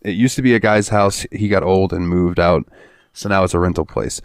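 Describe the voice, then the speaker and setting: Male podcast host, low voice, dry close sound, swears and laughs through his stories. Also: fairly quick, clean tone, dry recording. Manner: profane, laughing storyteller. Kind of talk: casual chat.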